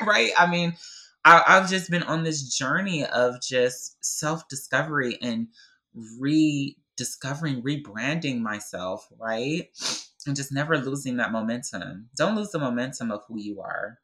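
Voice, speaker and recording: A woman's voice: rumbling low, lively intonation, unhurried, sharp tone, rough recording. A young adult woman speaking with passion and conviction as a podcast guest, often checking in with "right?". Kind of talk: heartfelt podcast conversation.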